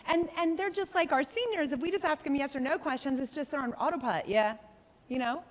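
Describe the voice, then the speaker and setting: A woman's voice: sits high, fast. A woman in her forties teaching a live sales workshop, chatty and full of questions for the room, often acting out quoted voices. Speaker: sales trainer. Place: conference room with a live audience. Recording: reverberant training room.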